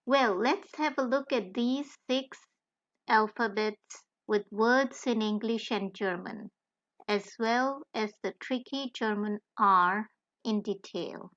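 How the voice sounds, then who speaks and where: A woman narrates a beginner language lesson at a very slow, measured pace, spelling out letters with care. Her voice sits a little high. The recording is dull and lo-fi. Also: fairly bright tone. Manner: careful, deliberate, spells out letters one by one. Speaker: language tutor. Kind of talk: slow scripted tutorial narration.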